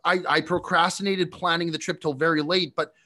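A man co-hosting a casual podcast, telling an animated story and often laughing. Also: fairly high pitch, a little fast. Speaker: podcast co-host.

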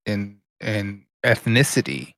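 A man's voice: fairly low pitch, animated, takes it slowly, gravelly, fairly bright tone, no echo. A man co-hosting a podcast who jumps in during casual chat, swearing and repeating himself. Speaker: podcast co-host.

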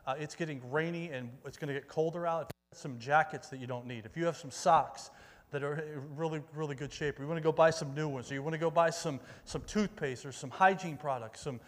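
Upbeat youth pastor in a reverberant hall. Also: male voice, on the high side, quick pace. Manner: upbeat, rallies the audience, calls out for volunteers. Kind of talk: casual youth sermon with crowd interaction. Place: church meeting room with an audience. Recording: long reverb of a large hall.

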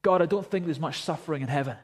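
A man's voice: a little high, fast. A man preaching a sermon, telling a story and then praying fervently. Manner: storytelling, rising to fervent prayer. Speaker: pastor.

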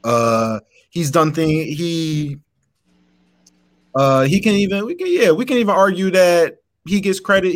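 A man making his case in a casual debate, laid-back and rambling with plenty of fillers. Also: a little high.

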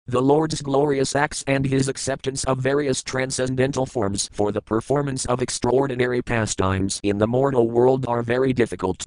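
A man's voice: mid-range voice, no room sound, rough recording. Man reading scripture in a dry room. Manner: steady recitation, slower when reading word meanings. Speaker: scripture reader. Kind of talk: scripted reading of verses and commentary.

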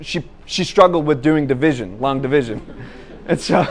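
A young man with a fairly high-pitched voice preaches a conversational sermon built around a personal story. He's animated and unhurried, leaving long pauses, laughing at his own tale and restarting often, with slight background noise behind him.

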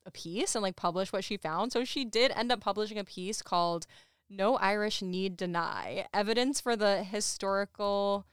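A woman co-hosting a podcast, recapping a show in casual chat, full of "like" and quick asides. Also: medium pitch, clean tone, dry recording, studio quality. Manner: chatty, lots of "like", laughs while talking. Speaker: podcast co-host.

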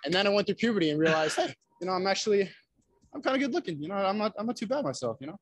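A man with a lively, bouncing voice hosts a playful street-interview vlog. He sounds cocky and self-mocking, and he tosses off boasts as if they were jokes. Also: high-pitched, rapid-fire, no room sound.

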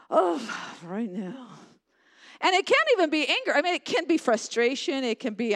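A woman delivers a sermon in a fairly high voice. She preaches with passion, rising to loud emphatic lines and dropping to hushed, near-whispered ones. She often repeats phrases for emphasis. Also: very animated, moderate pace.

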